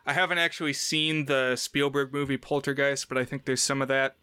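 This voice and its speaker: A man with a bright, crisp, smooth voice co-hosts a casual film-review podcast. He retells scenes animatedly and jumps up in pitch to quote characters. The sound is dry and close. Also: level tone, brisk, no room sound. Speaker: podcast co-host.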